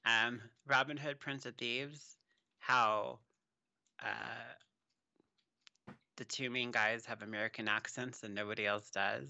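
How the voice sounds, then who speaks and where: Gravelly bright-voiced man, lo-fi mic. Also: medium pitch, steady tone, unhurried, pauses often. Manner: rambling, trails off with fillers. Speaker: podcast co-host. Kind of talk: casual chat.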